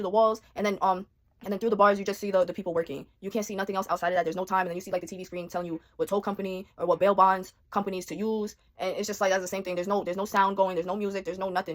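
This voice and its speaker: A young woman tells a personal story straight to her audience in a casual vlog. She talks extremely fast, in streetwise slang, and keeps acting out what she was thinking. Her voice sits at an ordinary middle pitch. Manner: rapid, animated, slangy retelling with quoted inner thoughts. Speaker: vlogger telling a personal story.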